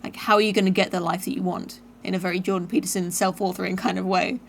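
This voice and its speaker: A woman hosting a casual chat. She talks in a relaxed, hesitant way, with plenty of fillers and frequent laughter. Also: mid-range voice, quick pace, vocal fry, a little hiss or hum. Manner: chatty, laughs often, hesitant with many fillers. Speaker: host.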